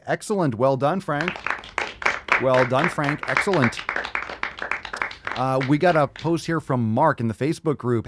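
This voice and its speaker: A man hosting a casual solo podcast, reading out fan posts with loud, jokey, profane energy. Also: on the high side, normal speed, pauses often, dry recording, studio quality. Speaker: podcast host.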